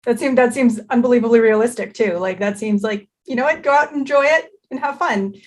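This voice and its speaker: Perky interview host, high voice, enthusiastic, laughs easily. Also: female voice, brisk. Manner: upbeat, enthusiastic, laughs often. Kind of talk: casual interview chat.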